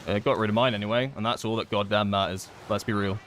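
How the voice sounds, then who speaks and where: A man giving live gameplay commentary, thinking aloud and excitedly pleading with his teammates. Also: on the low side, quick pace, a little hiss or hum. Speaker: gaming content creator.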